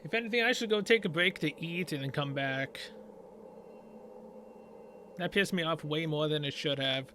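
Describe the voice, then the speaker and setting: A man's voice: on the high side, moderate pace, long pauses, pushed and bright, a little hiss or hum. A young man doing let's play commentary, ranting in exasperation and mocking a puzzle sarcastically. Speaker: gamer playing through a story game. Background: game music.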